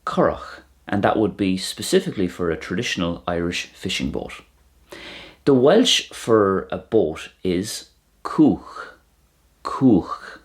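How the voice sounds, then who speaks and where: A man teaching a language lesson, who speaks slowly and deliberately and says each word twice so learners can catch how it sounds. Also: low voice, big pitch swings.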